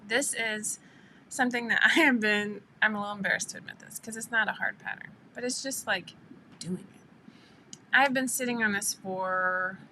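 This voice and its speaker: Woman, thirties, live stream host, chatty, rambling, bright tone, faint room noise behind. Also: mid-range voice, steady tone, moderate pace, low-quality recording. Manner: chatty and rambling, greets viewers by name. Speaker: live stream host for a sewing pattern company. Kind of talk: casual live stream chat.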